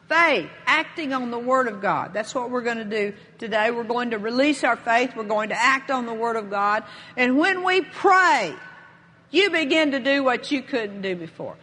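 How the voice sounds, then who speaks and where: A woman preaching a sermon with a bright, ringing voice, pitched a little high. Her words carry a long reverb from a large hall. She builds into bold, emphatic proclamation as she reads scripture. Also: a little slow.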